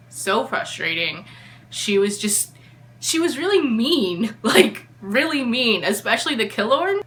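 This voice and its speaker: A woman's voice: mid-range voice, bright, forceful tone. A woman giving an exasperated, opinionated review of a book in a casual vlog.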